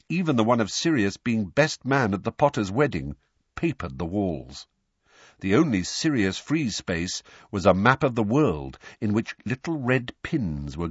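A man reads a storybook aloud in a low, husky voice. His delivery is expressive and his pitch moves a lot. The recording sounds dull and very dry. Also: no echo. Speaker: audiobook narrator. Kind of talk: audiobook narration.

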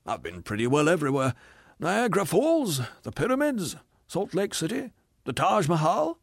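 Picture a hard-bitten ghost, bitter and cynical, who rants with a high, sharply swinging voice that keeps leaping up in scorn, as a man puts him on. The sound is close and dry, with no room around it. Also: huge pitch swings, normal speed, creaky, slightly rough, dry recording, exaggerated voice. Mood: scornful. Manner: sneering, scornful, ranting complaints.

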